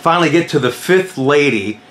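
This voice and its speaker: A man's voice: a little high, moderate pace, slight background noise. Middle-aged man telling a story. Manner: animated, dramatic retelling. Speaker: vlog host. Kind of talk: casual personal storytelling.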